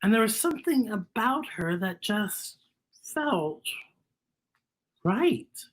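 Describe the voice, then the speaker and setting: A woman's voice: mid-range voice, expressive, unhurried. A woman hosting a children's storytime, reading a picture book aloud and asking her young listeners questions, sometimes dropping to a whisper.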